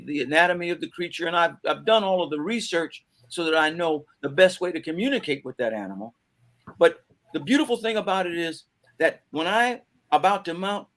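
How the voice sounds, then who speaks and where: A middle-aged man telling stories as a guest in a panel conversation, animated and repeating words as he acts out quoted voices. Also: sits high. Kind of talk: conversational storytelling. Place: bookstore event conversation.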